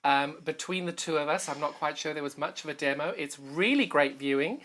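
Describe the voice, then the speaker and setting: A shopping channel presenter with a South African accent runs a live TV sewing sales show, full of jokey, teasing banter. His voice sits on the high side, slightly fast and a bit bright.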